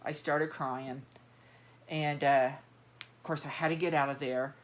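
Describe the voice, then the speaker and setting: A woman's voice: deep voice, fairly even intonation, measured pace. A middle-aged woman, chatting in a rambling, casual way, full of fillers and restarts, while she handles dolls. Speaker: doll collector vlogger.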